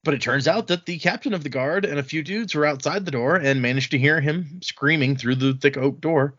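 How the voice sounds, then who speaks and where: A podcast host recaps book chapters in casual chat, animatedly retelling them and acting out the characters' lines as he goes. His voice is fairly high and a little fast, and the lo-fi audio sounds slightly muffled.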